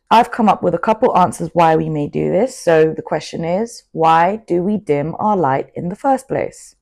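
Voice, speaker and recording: A young woman giving an outspoken, animated motivational talk to camera, full of asides. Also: on the low side, gravelly. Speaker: vlogger. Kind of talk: casual motivational monologue to camera.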